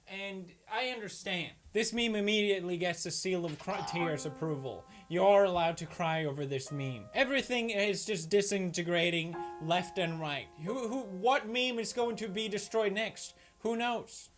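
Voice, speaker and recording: A man with a bright, forceful voice riffs through a comedic meme review, dry and sarcastic one moment and yelling in mock outrage the next. Faint music plays under him. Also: high-pitched. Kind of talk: comedic commentary.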